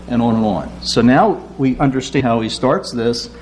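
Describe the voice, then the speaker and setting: A man preaching a sermon, acting out quoted prayers with lively rises in his voice. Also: mid-range voice, moderate pace, slight background noise. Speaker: pastor.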